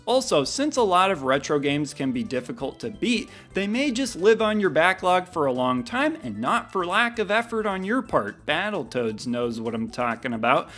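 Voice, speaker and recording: A man with a fairly high voice delivers scripted gaming commentary, his pitch swinging widely as he leans into wry, playful emphasis. Faint music plays behind him. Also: big pitch swings, normal speed, hardly any pauses, a bit bright. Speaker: gaming video host.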